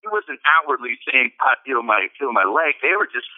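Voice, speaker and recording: A man's voice: mid-range voice, big pitch swings, normal speed. A man calling in to share a personal story in casual, rambling talk, full of fillers and restarts. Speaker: caller sharing a testimony. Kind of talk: casual storytelling on a call-in show. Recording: tinny phone line.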